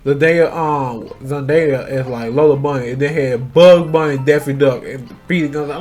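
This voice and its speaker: A man's voice: medium pitch, moderate pace, hardly any pauses, soft background music. A man in a casual, rambling rant, full of fillers and restarts, swearing freely and growing heated. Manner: grows loud and heated. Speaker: channel host. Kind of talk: casual rant about voice acting.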